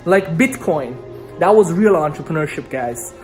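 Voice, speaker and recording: A woman's voice: low-pitched, animated, normal speed, darkish tone, faint music behind. A woman from Iran talking casually to camera about business, rambling and joking, tagging lines with "okay?". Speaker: vlogger. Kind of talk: casual motivational monologue to camera.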